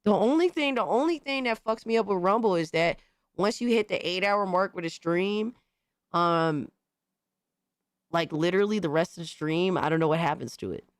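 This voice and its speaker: Still hoarse from being sick, a young-sounding man with a high voice talks casually with his live-stream viewers at a normal speed. Excitement comes in bursts, the swearing is frequent, and shout-outs keep coming, all captured close and dry with no echo.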